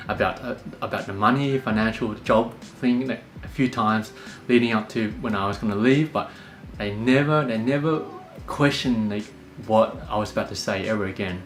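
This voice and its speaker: A young Australian man calmly telling a personal story, full of fillers and restarts. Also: on the low side. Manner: calm, many fillers and restarts. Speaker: podcast host. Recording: echoey room with faint music.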